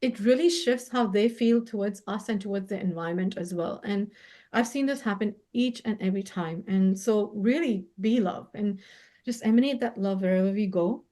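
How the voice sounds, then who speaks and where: A woman with a mid-range voice talks over a video call in a gentle, effusive way. She speaks as a spiritual healer in a casual heartfelt chat and laughs often. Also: medium pitch, normal speed.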